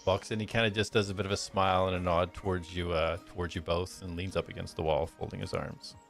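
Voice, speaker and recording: A man's voice: low voice, flat delivery, quick pace, gravelly, fairly bright tone, soft background music. A man narrating a tabletop game as game master in a loose, filler-filled way.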